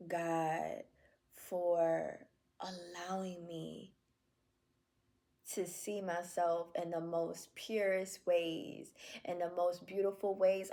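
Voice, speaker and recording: A woman recording a heartfelt video journal, speaking in slow, affirming, repeated phrases. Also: on the low side, darkish tone. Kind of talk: reflective self-talk video journal.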